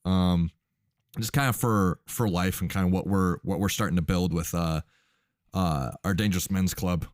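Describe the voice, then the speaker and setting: Super deep voiced guy hosting a podcast, rambly and upbeat, dry close mic. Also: steady tone, normal speed, dry recording. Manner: rambling, upbeat, many fillers and restarts. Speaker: host. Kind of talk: casual chat.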